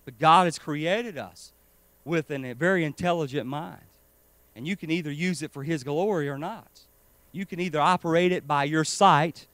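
A man preaching a sermon with urgent emphasis, swinging between loud stresses and quiet asides. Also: on the high side, moderate pace, no room sound. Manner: urgent and emphatic, rising and falling in loudness.

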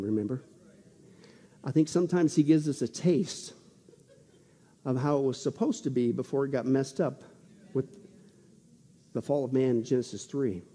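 A man preaching an excitable, jokey sermon, often firing rhetorical questions at the crowd. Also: mid-range voice, husky. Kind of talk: sermon on prophecy. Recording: long hall reverb.

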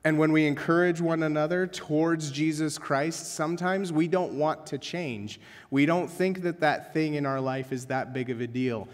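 A man's voice: a little high, big-room sound. A young man preaching a sermon as pastor in a chatty, self-deprecating way, calling the congregation "guys". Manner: conversational, self-deprecating, addresses listeners as guys. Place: church sanctuary.

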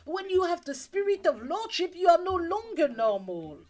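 A woman's voice: very high-pitched, sing-song, normal speed, a little mellow, poor audio. A woman pastor preaching a sermon, acting out scenes in voices and calling the congregation for amens. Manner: dramatic, acts out scenes in voices.

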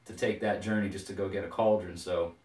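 A man's voice: low voice, steady tone, fairly quick, darkish tone, close to an everyday voice. A man voicing a skeptical, hesitant god hosting a feast, recorded with a roomy echo from a distant mic. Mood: doubtful. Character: Aegir, doubtful host god.

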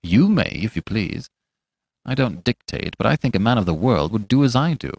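A man's voice: mid-range voice, big pitch swings, normal speed, vocal fry, breathy edge, no echo, studio quality, exaggerated voice. A man voicing a reckless young doctor who talks in a cool, sneering, worldly way.

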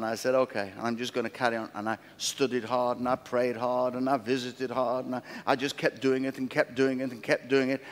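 A middle-aged man preaching a sermon as pastor, telling stories in an animated, repeating way with restarts. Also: mid-range voice. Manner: animated, repetitive storytelling with many restarts. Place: large former theatre used as a church. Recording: long reverb of a large hall.

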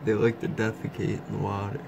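A man filming his pet lizard on a phone, talking to it in a slow, easygoing, cooing way. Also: fairly low pitch, completely flat delivery, creaky. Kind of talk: casual home video chat. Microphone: phone camera. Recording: noisy home phone recording.

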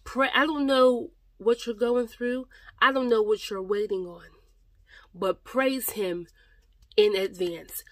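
A woman's voice: fairly high pitch, slow, no room sound. A woman talking to her viewers about faith, exhorting them and repeating her points, calling them "y'all" and getting close to tears at moments. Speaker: faith vlogger. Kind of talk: personal devotional talk to camera.

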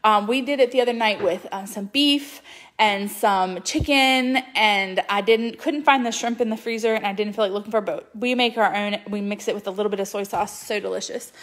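A woman's voice: mid-range voice, brisk, fairly bright tone. A woman, chatting casually and upbeat through a shopping haul with plenty of ums. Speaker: couponing vlogger.

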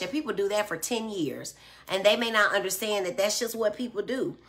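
This middle-aged host of a live stream reads out viewer comments and answers them patiently, leaning on everyday examples. She talks briskly at a medium pitch with a somewhat bright tone, using a phone or tablet mic.

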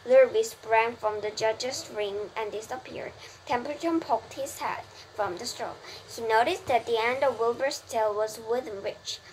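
Woman, Korean native speaker, reading aloud, careful, restarts words, high voice, background noise. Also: unhurried. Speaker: parent reading to a child. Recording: noisy home recording.

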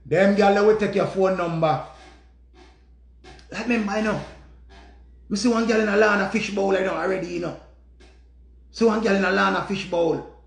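High gravelly Jamaican man ranting. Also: normal speed, long pauses, reverberant. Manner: repetitive, profane, dramatic retelling. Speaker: vlogger. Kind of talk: animated storytelling rant.

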